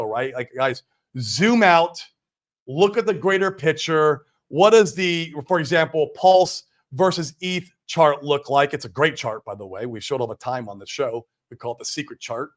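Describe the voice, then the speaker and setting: Higher-voiced man hosting a crypto stream. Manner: loose, slangy and excitable, calls viewers guys and man. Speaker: crypto livestream host. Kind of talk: casual livestream talk.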